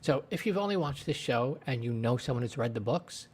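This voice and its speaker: Into his own desk mic, a TV show reviewer recaps an episode's scenes in a rambling, filler-heavy way. He sounds animated, a little fast and a little mellow in a mid-range voice, with slight background noise.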